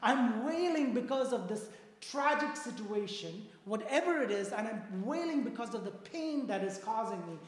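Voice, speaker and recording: A preacher giving a sermon in a church, repeating key phrases and often checking in with the congregation with a quick "right?" or "okay?". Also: mid-range voice, expressive. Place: church sanctuary. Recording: long reverb of a large hall.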